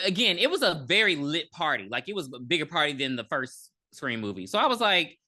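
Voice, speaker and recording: A woman's voice: deep voice, pushed and bright. A woman co-hosting a podcast, chatting casually about a film, blunt and profane as she picks at details. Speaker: podcast co-host. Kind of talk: casual movie recap chat.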